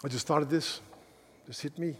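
Pastor preaching in an echoing hall. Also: male voice, a little high, fairly even intonation, moderate pace, husky. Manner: stumbling restarts, swings from loud emphasis to soft asides. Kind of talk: sermon. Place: church sanctuary. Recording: long reverb of a large hall.

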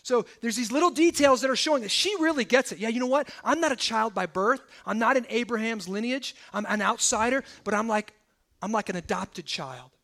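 Male pastor with a very high voice, preaching in an animated, chatty way. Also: a little fast. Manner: lively, conversational preaching with acted-out quotes. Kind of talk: sermon.

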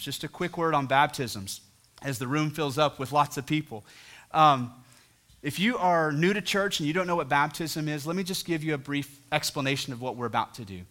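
A man's voice: on the high side, a bit bright. A man in his thirties preaching a sermon as a church pastor, earnest and telling stories with dramatic voiced quotes. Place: church sanctuary.

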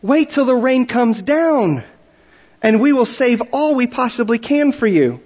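A man voicing an old male island chief who speaks in a gentle, imploring tone. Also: extremely high pitch, expressive, measured pace, voice pushed up, exaggerated voice. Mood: pleading. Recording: dull recording with long reverb.

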